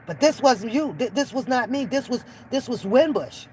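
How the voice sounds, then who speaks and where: A woman delivers a blunt, profane, exasperated rant as a reaction-channel host. Her voice sits a touch higher than average. A faint hum of noise runs underneath. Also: expressive, normal speed, darkish tone, low-quality recording. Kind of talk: unscripted commentary rant.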